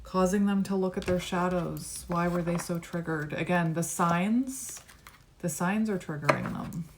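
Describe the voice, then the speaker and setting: A woman's voice: fairly low pitch, measured pace, background noise. A woman giving a tarot reading to the camera, musing card by card in a reflective, conversational way. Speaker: tarot reader.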